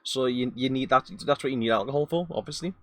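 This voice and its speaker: A man's voice: mid-range voice, fast, fairly bright tone. A man with a Geordie accent hosting a podcast, making dry jokes and chuckling in casual chat. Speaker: podcast host.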